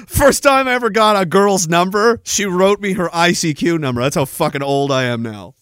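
Man, 30s, podcast host, rambling profane rant, high lively voice, dry close sound. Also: moderate pace, smooth, no echo. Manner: profane, rambling, animated, self-mocking. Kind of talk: solo ranting podcast.

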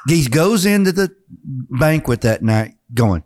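A man's voice: on the high side, a little slow. A man, a former coach, telling a funny story in casual chat and acting out the quotes. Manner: lively anecdote teller, acts out quotes. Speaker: former high school coach.

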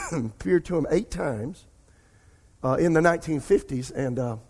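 Animated and a little slow, this middle-aged pastor's slightly high voice has a darkish, slightly rough tone. Addressing his congregation in the sanctuary, he preaches with call-and-response asides, heard through long hall reverb.

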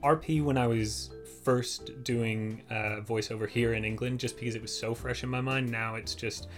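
A man's voice: mid-range voice, moderate pace, faint music behind. Chatty Californian man with American accent. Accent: General American. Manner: animated, chatty, many "you know" fillers. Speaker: actor and voiceover artist. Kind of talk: casual podcast chat.

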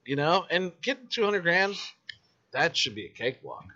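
Profane, animated man on a lo-fi podcast. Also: on the high side, moderate pace. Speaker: independent filmmaker. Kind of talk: casual podcast chat.

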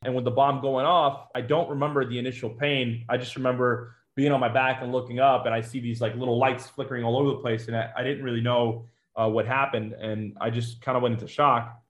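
A man's voice: medium pitch, flat delivery, brisk, hardly any pauses. A man who served as a Marine, telling his own story in an interview, conversational and matter-of-fact with fillers and restarts.

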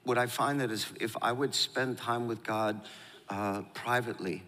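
Emotional pastor guy, middle-aged, stumbles and restarts a lot, voicey bright sound with long room echo. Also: mid-range voice, fairly even intonation, normal speed. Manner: emotional, hesitant, many restarts. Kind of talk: interview guest, personal storytelling.

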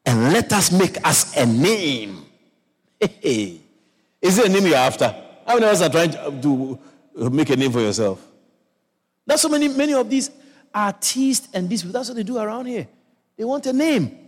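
A man preaching a sermon as a pastor. He talks in a playful, animated way and often repeats words and adds asides. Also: high voice, normal speed, long reverb tail.

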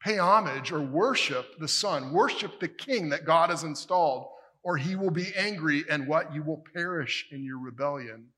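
Male pastor, fairly high voice, breathy edge, preaching with big swings from loud to soft, long church echo. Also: normal speed, few pauses. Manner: emphatic, swings from forceful peaks to hushed endings. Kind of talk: sermon. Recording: long reverb of a large hall.

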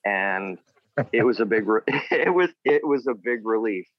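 Male guest, lower voice, easygoing storyteller, dry lo-fi sound. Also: expressive, a little slow, dry recording. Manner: rambling, acts out quotes of others. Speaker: former wrestler, guest. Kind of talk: casual storytelling interview.

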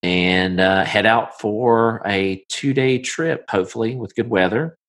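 A man running a tabletop game who describes scenes in a loose, rambling way full of fillers. His voice sits on the low side. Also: measured pace, fairly bright tone. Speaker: game master.

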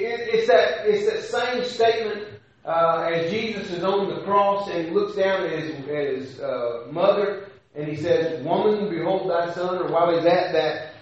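A man preaching a sermon, talking conversationally with rhetorical questions and frequent restarts. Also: fairly high pitch. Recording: echoey hall, dull lo-fi sound.

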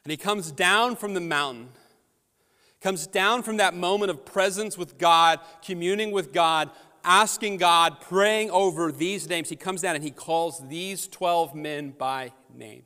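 A man's voice: high-pitched, a little slow, bright, forceful tone, clean tone, in a large hall. A man, a father, preaching a sermon as pastor, telling stories in a conversational way that swells to emphatic peaks. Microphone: handheld or headset microphone.

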